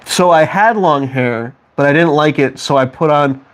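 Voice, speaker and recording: Moderately paced and on the high side, this young man's voice carries a casual live-stream chat. He jokes around and mocks himself as he rambles.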